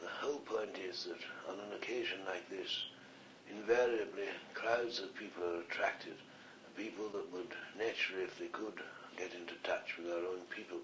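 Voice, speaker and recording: A man's voice: low voice, fairly even intonation, normal speed, a bit bright. A man with a slight Scottish accent speaking as a spirit communicator at a séance, earnest and rambling. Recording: echoey, distant old archive recording with faint hiss.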